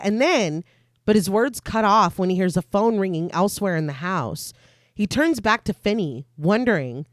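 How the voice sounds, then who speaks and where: A woman's voice: mid-range voice, lively intonation, normal speed, dry recording, studio quality. A woman co-hosting a horror podcast, retelling the plot of a film in detail between her own casual comments. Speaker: podcast co-host. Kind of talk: casual chat and film recap narration.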